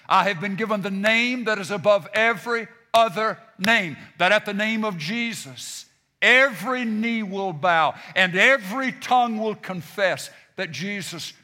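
Casting note: God, voiced by a male preacher, raised and emphatic, bright and forceful. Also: high-pitched, long reverb tail, pitched above the performer's own voice, full character voice. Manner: emphatic declarations with repeated refrain. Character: God, a commanding, reassuring male divine voice.

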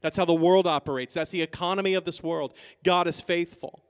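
A male pastor preaching a sermon, moving from quiet, soft passages to loud, emphatic declarations and calling out to the congregation. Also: high-pitched, steady tone, a little fast, few pauses, clear, resonant tone. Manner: calls to the congregation.

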